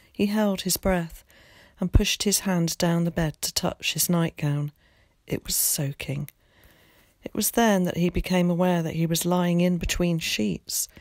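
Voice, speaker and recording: A woman teacher reading a children's novel aloud in an expressive, measured storytelling voice. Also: fairly low pitch, dry recording, studio quality. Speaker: primary school teacher.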